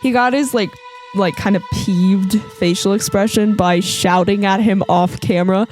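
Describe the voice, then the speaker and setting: A woman's voice: mid-range voice, steady tone, moderate pace, darkish tone, soft background music. A woman co-hosting a podcast in casual chat, chatty and laughing often. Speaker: podcast co-host. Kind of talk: casual chat about a horror film.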